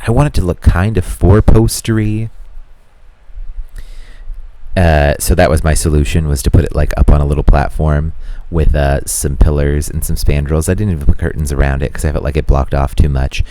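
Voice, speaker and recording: A man's voice: very deep voice, normal speed, dark tone, dry recording. A man narrating a video voiceover in a casual, rambling way, with lots of fillers as he talks through what he did. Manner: rambling, chatty, many "like" fillers. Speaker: Sims house builder narrating a build.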